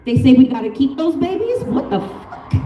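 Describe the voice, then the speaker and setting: A woman's voice: high-pitched, big pitch swings, moderate pace, lo-fi sound. A woman from Colorado giving a fiery, profane, off-the-cuff protest speech at an outdoor rally. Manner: fiery, profane, off-the-cuff, laughs between lines. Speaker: rally speaker. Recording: echoey, from a distance.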